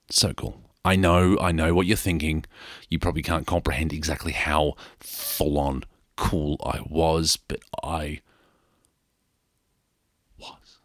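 A man's voice: very deep voice, fairly even intonation, takes it slowly, long pauses, no echo, studio quality. A middle-aged man with an Australian accent tells a rambling travel story in a casual monologue, joking at his own expense. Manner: rambling, joking, self-mocking.

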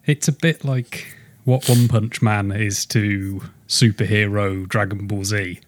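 A man co-hosting a casual podcast, joking around and getting animated when excited. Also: slow, no echo. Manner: jokey, animated, rising pitch when excited. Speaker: podcast host.

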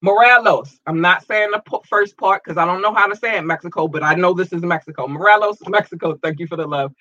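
Upbeat male podcast host, animated, slightly high voice, dry close sound. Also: fast talker, no echo, highs cut off. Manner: upbeat, animated, stumbles over place names. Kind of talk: casual shout-outs to listeners.

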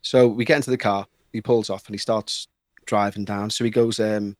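Excitable Liverpool man telling a spooky tale. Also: lowish voice, normal speed, no echo, clean studio sound. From Liverpool, England. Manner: animated, excitable, mimics others in the story. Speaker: podcast guest. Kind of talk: casual storytelling.

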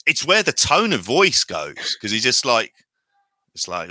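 A man's voice: medium pitch, huge pitch swings, measured pace, pushed and bright, no room sound. A man in a casual podcast chat, rambling and restarting his sentences as he jokes. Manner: rambling, self-correcting banter.

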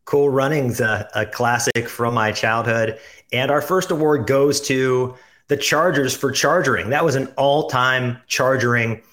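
A man co-hosting a casual sports podcast, presenting segments with a relaxed, joking manner. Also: medium pitch, measured pace. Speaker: podcast co-host.

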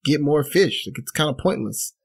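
A content village fisherman with a fairly high voice, talking in an easy, unhurried way, as a man puts him on in a story. He sounds calm and satisfied with little. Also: vocal fry. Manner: laid-back, unhurried talk.

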